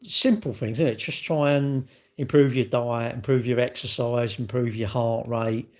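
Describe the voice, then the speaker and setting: A man's voice: medium pitch, fairly even intonation, normal speed, a little mellow. A middle-aged man with a British accent, rambling bluntly in slangy casual chat while answering a livestream chat.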